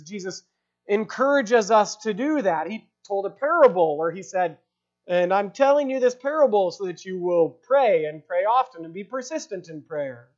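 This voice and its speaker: Emphatic woman preaching, dull lo-fi sound. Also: fairly high pitch. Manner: emphatic, asks rhetorical questions, repeats key phrases. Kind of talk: expository sermon.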